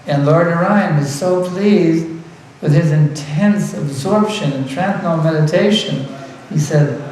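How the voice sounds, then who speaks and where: A man's voice: on the high side, unhurried, darkish tone, heavy reverb, far from the mic, a little hiss or hum, rough recording. A man giving a devotional lecture as a spiritual teacher, earnest and repeating words for emphasis, with light laughs.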